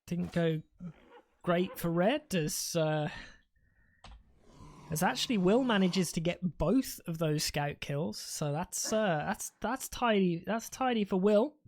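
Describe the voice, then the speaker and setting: A man's voice: high voice, lively intonation, takes it slowly. A British man doing live esports commentary, rambling and joking, often restarting his sentences. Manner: rambling, jokey, self-interrupting. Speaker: esports caster.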